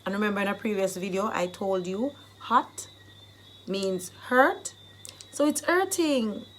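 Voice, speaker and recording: A woman's voice: medium pitch, a little slow. A Jamaican woman who hosts a casual video lesson, explaining everyday phrases plainly and then acting them out with big swings in her voice. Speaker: vlogger teaching phrases. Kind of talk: casual teaching vlog.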